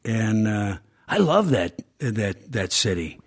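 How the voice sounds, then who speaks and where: A middle-aged man from Georgia with a Southern accent, a guest in a relaxed podcast chat, laid-back and drawling. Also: on the low side, takes it slowly, husky. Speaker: guest actor.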